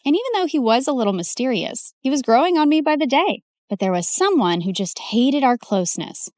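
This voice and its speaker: A woman narrates an animated story in first person, dramatic and expressive. Her voice sits a little high and the recording is dry. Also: a little fast, hardly any pauses, dry recording.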